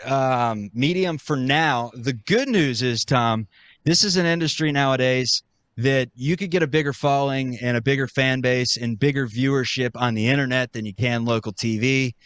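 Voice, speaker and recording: A man's voice: medium pitch, moderate pace, fairly bright tone, smooth, no echo. A man, a former TV broadcaster, chatting casually as a guest, laid-back with many fillers. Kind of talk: casual chat.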